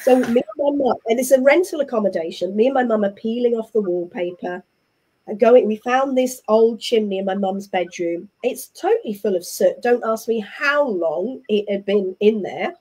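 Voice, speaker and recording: A middle-aged woman with an English accent, a guest telling her story in a chatty, animated way and acting out what others said. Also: fairly high pitch, moderate pace, breathy edge. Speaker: interview guest. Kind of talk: casual conversational storytelling.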